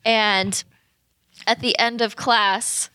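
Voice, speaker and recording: A woman's voice: a little high, fairly even intonation, extremely slow, pushed and bright, clear, resonant tone, no echo, poor audio. A woman in a casual chat, telling a chatty anecdote. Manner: storytelling, chatty.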